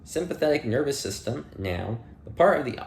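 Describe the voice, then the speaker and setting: A man's voice: medium pitch, very animated, normal speed, gravelly, a little hiss or hum. Man reading a dictionary, echoey room. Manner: plain reading with dry asides and playful slips. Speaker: audiobook reader. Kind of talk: reading dictionary entries aloud.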